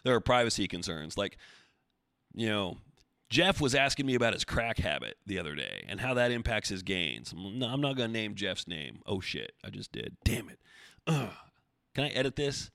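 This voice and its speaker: Man, solo podcast host, rambling and jokey, lowish voice, dry close sound. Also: sing-song, brisk, fairly bright tone, no room sound. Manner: rambling, self-deprecating, jokey. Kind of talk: casual solo podcast talk.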